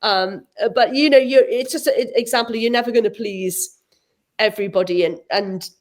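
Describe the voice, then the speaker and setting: A middle-aged woman, an author, chatting as a guest and telling animated stories, acting out the people she quotes. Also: on the high side, normal speed. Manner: animated storyteller, acts out quotes, frequent laughs. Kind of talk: casual chat.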